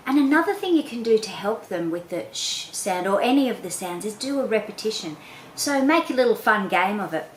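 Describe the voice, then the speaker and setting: A woman patiently explaining children's speech sounds to parents, sounding out each sound slowly and clearly. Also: mid-range voice, animated, echoey room, a little hiss or hum, rough recording. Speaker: literacy educator. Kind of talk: instructional talk to parents.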